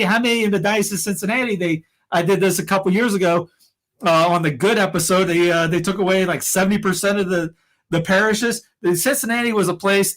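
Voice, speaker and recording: His voice sits high with a fairly bright tone. Co-hosting a podcast, he offers casual opinions in a rambling, heated manner, with plenty of restarts and fillers.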